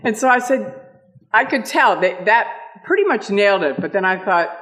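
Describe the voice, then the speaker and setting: Woman in her 60s, speaker at a meetup, animated storyteller who laughs often. Pitch swoops widely. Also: moderate pace. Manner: lively, laughing, acts out quotes.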